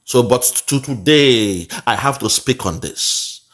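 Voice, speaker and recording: A man's voice: medium pitch, expressive, unhurried, fairly bright tone. A man with a Nigerian accent commenting on a video clip in a mocking, preachy way, slipping into pidgin.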